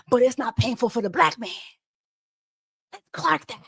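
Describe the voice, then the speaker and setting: A woman's voice: a little high, moderate pace, creaky, fairly bright tone, husky, no room sound, clean studio sound. A woman hosting a reaction commentary, talking emphatically and repeating phrases to drive her point home. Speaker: host.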